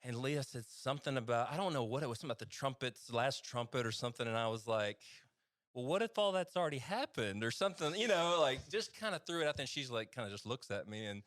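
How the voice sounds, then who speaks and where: A man's voice: mid-range voice, animated, quick pace, few pauses, a bit bright, dry recording, studio quality. Chatty East Texas man. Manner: chatty, rambling, laughs easily. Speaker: guest, physician. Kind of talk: casual storytelling testimony.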